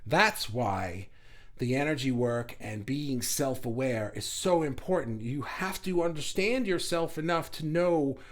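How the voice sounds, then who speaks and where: A man hosting a casual spiritual livestream, answering viewers' chat in a reflective, thinking-aloud way. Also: on the high side. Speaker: host answering live chat.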